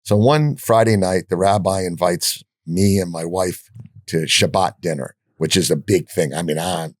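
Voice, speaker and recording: Animated older man telling stories. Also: sits low, normal speed, no room sound, studio quality. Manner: animated storyteller, frequent restarts and swearing. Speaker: podcast guest. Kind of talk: anecdotal storytelling in an interview.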